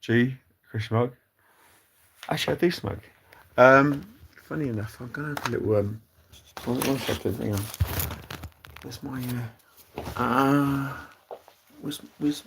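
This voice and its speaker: A British man hosting a casual livestream, reading out chat comments in a halting, rambling way full of fillers and restarts, with dry deadpan asides. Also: mid-range voice, vocal fry, noisy background. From Britain.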